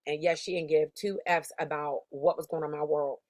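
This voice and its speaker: A woman's voice: low voice, fairly even intonation, brisk, dry recording. A woman sales coach giving a motivational lesson in an emphatic, conversational, slangy storytelling manner. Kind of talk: motivational teaching talk.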